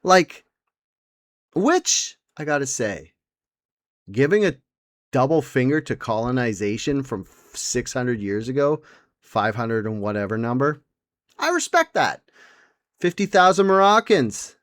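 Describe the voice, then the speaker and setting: A man in his forties hosting a solo comedy podcast, rambling and swearing, with mock outrage and sudden leaps into a high excited voice. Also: unhurried, pauses often, no echo, clean studio sound. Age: 40s. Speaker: podcast host.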